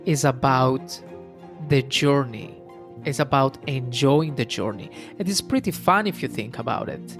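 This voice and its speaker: Slow, gravelly man hosting a podcast. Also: medium pitch, music in the background. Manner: reflective, frequent fillers and restarts. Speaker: podcast host. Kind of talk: solo podcast monologue.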